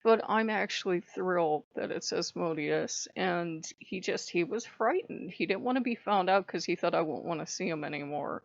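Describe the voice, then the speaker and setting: A woman hosting a casual spiritual vlog, telling stories in an animated, profane way and laughing often, on a dull lo-fi mic. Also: lowish voice, no echo. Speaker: channel host.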